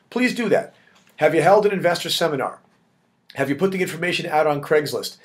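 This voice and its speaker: A man leading a real estate network, giving direct, emphatic coaching in a motivational video blog. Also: on the high side. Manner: direct, emphatic pep talk addressing the audience as "guys".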